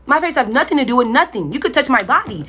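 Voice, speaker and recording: A woman's voice: sits high, very animated, fast, noisy background. A young woman telling a personal story in a casual storytime vlog, blunt and profane, talking straight to her viewers.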